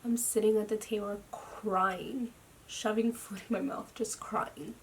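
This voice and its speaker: A tired young woman speaking a personal video diary at home into her camera. She talks haltingly, with lots of "like," and often drops into a near whisper. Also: mid-range voice, steady tone, slight background noise. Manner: slow, halting, with frequent "like" fillers and soft, near-whispered stretches. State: tired and drained. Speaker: vlogger. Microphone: camera mic.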